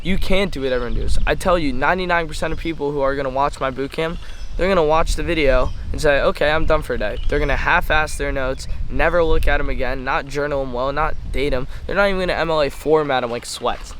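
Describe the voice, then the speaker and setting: A teenage boy with a fairly high voice, lecturing hard and swearing freely as he walks outside. The phone recording picks up a faint hum of outdoor ambience behind him. He talks straight at the listener, pushing and challenging. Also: fast talker, a bit bright, low-quality recording. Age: teens. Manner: blunt, profane, fired-up, lectures the viewer directly. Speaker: trading mentor vlogger. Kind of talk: intense motivational rant. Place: outdoors at a playground.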